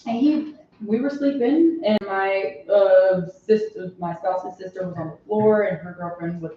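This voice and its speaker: A woman's voice: medium pitch, a little slow, warm tone. A woman from Pennsylvania telling a story in casual group chat, blunt and cursing freely. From Harrisburg, Pennsylvania. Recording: echoey, distant, muffled room recording.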